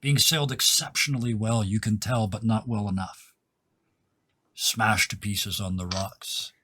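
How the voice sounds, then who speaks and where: A man runs a tabletop game as its game master, his low voice a little husky. He paints each scene in vivid detail and sinks to a near-whisper when the moment turns tense. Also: steady tone, unhurried, sharp tone.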